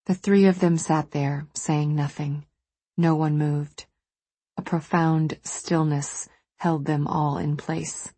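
A woman narrating a novel in a calm, measured way. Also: low voice, slightly rough, no room sound. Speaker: audiobook narrator. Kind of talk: scripted narration.

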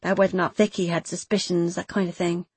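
Sorry, earnest young mum in a storybook, a woman reading her, a bit husky, dry close sound. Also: fairly low pitch, flat delivery, fast talker, a little mellow, no room sound. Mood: insistent. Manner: apologetic, earnest, insistent. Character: woman, remorseful young mother. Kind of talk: audiobook character voice.

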